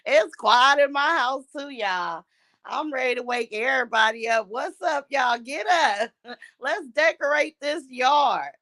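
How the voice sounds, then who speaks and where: A woman with a high voice hosts a casual livestream from home and greets her viewers one after another. She chats warmly with them and calls them by pet names. The sound is dry and close, as if spoken straight into a phone. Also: lively intonation, takes it slowly, no echo. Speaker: livestream host.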